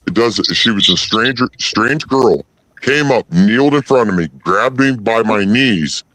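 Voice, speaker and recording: A man in casual livestream chat, telling a story in a blunt, profane, halting way. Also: on the low side, lively intonation, a bit bright, no room sound, rough recording. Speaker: host.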